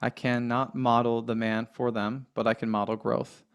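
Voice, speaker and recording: A man hosting a podcast interview, affirming and relaxed as he sets up a question. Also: mid-range voice, normal speed, smooth. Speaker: podcast host. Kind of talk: casual interview.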